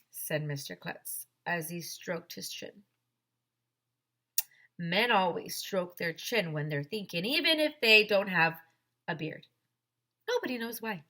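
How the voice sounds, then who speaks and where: Animated woman reading a children's storybook. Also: on the low side, slow pace. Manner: animated, lots of character voices. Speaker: teacher reading aloud. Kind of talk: children's storybook read-aloud.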